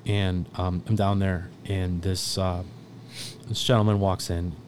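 Guest on a podcast: low-pitched man, casual and profane, rambling anecdotes, faint noise behind. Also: flat delivery, measured pace, darkish tone. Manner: rambling, profane storytelling with quoted voices. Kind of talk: casual chat.

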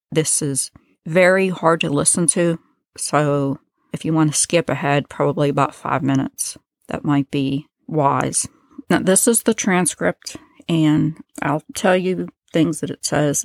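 A podcast host with a low voice tells a true-crime story casually, pausing to explain passages she reads from a transcript. The recording is dry and close-miked, with no room sound or echo.

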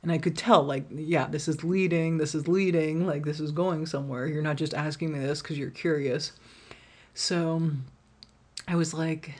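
A woman holds forth alone on her podcast in a husky, breathy voice. She is blunt and unguarded, with swearing scattered through her casual talk. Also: sits low, fairly even intonation, moderate pace, a little mellow. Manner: frank, swears freely, laughs often. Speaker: podcast host. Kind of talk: candid solo podcast monologue.

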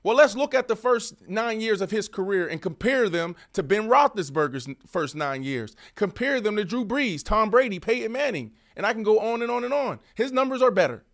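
A man who once played wide receiver, co-hosting a sports podcast and arguing his points in an animated way that swings from loud to soft. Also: sits high, brisk, hardly any pauses. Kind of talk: casual sports debate.

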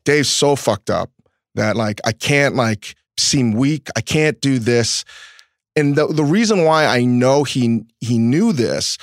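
A man hosting a podcast, speaking in a reflective, halting way and swearing often. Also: mid-range voice, expressive, no echo, studio quality. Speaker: host. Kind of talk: reflective conversation.

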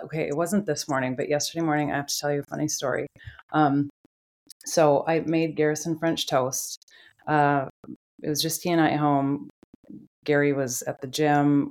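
A middle-aged woman, a podcast host, chatting casually and telling a funny home story with animated laughter. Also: deep voice.

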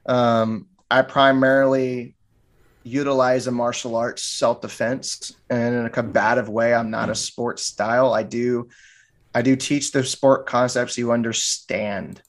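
A man's voice: mid-range voice, little pitch movement, measured pace. A man who teaches martial arts, talking as a podcast guest in a loose, joking, rambling way with many restarts. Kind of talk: casual interview talk.

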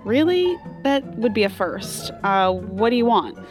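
A woman hosting a scripted kids' game show podcast, playing the brisk, exasperated straight woman. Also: medium pitch, sing-song, over music.

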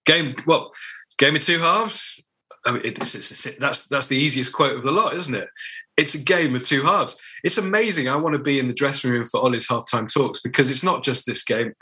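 A man's voice: mid-range voice, moderate pace, pushed and bright. A man co-hosting a football podcast, rambling casually through his views and often restarting his sentences. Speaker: podcast co-host.

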